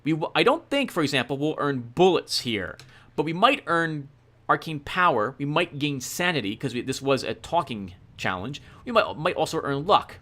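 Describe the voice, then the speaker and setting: A man doing casual game commentary, excitably explaining the rules aloud and reading out the game text. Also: fairly high pitch, moderate pace. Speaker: let's play host.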